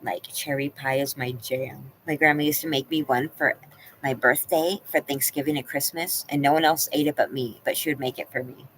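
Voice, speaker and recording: Low-voiced woman chatting on a live stream. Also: fairly even intonation, moderate pace, fairly bright tone, a little hiss or hum, poor audio. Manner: chatty, greets and answers viewers by name. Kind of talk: casual chat with live viewers. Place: at home. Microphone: laptop.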